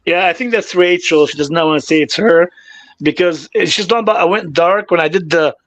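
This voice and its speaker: A man's voice: a little high, fairly quick, a bit bright, no echo, low-quality recording. A man chatting casually on a livestream, rambling and laughing a lot.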